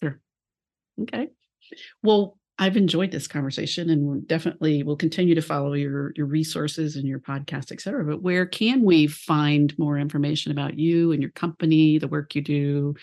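Brief: woman host, notably low voice, courteous and measured. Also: darkish tone. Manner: polite, gracious, measured. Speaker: podcast host. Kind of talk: interview wrap-up.

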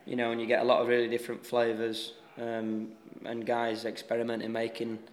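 A young Yorkshire man talks easily in an interview, stopping and restarting his sentences often. His voice stays flat in tone and sits at an ordinary pitch. It sounds like he is in an echoey room. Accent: Yorkshire English. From Yorkshire, England. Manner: relaxed, halting, many restarts and fillers. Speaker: professional golfer, interviewee. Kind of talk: casual interview answers.

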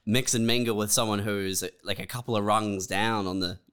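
Smooth-voiced man, laid-back. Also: on the low side, steady tone, normal speed, a bit bright. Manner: laid-back, reflective, says dude and man. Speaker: podcast co-host. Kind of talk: casual comedic chat.

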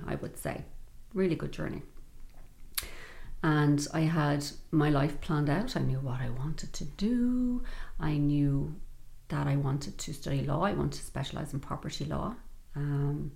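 A woman guest on a podcast, telling her personal story in a measured, reflective way. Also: deep voice, gravelly, a little mellow.

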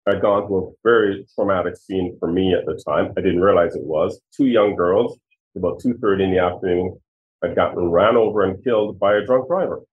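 A man's voice: low-pitched, fairly quick. A man in his sixties, a former police chief, telling personal stories earnestly and with emotion in an interview. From Jamaica. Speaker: retired police chief, guest. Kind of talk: storytelling interview answers. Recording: tinny phone-like line.

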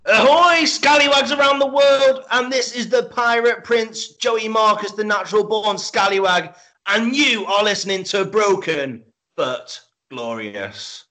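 A man's voice: high voice, unhurried, bright, forceful tone, pitched above the performer's own voice. A man voicing a boastful male pirate prince who announces himself in a big theatrical sea-dog manner. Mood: swaggering.

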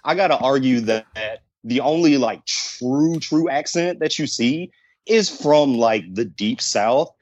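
Deliberate man on a dull, dry line. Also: mid-range voice, lively intonation, no echo. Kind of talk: casual chat.

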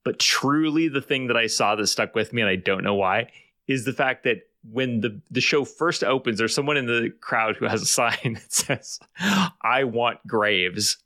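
A man hosting a casual podcast with a bright, forward voice, recorded close and dry. He talks thoughtfully and analytically, with the odd swear. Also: mid-range voice, moderate pace, no room sound. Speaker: podcast host. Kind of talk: casual chat.

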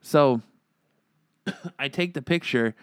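A man's voice: slow pace, smooth, no echo. Man telling stories in a dry, close sound. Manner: animated, acts out quotes with big pitch jumps. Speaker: podcast host. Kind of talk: casual chat and storytelling.

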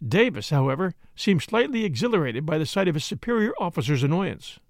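A man narrating a story in a measured, expressive audiobook reading. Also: fairly high pitch, vocal fry, no room sound, clean studio sound. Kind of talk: scripted narration.

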